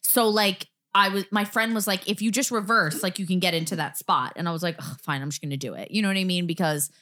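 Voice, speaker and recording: A woman's voice: mid-range voice, fairly quick. A woman co-hosting a podcast, telling a story in casual chat with lots of filler words. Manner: animated storytelling, many "like" fillers. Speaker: podcast co-host.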